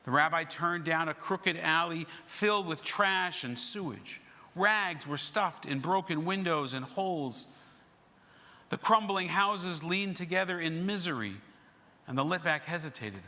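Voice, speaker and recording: A man narrates a story with dramatic, expressive turns and then leads prayers. His voice is bright and a little high, and the long echo of a sanctuary surrounds it. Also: measured pace. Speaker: service leader. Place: synagogue sanctuary. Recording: reverberant sanctuary recording.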